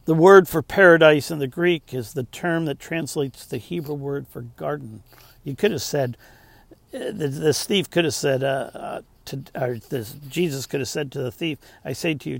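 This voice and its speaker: A pastor preaching a sermon, rising to emphatic points and dropping to soft, slowed asides. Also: male voice, medium pitch, creaky, no room sound.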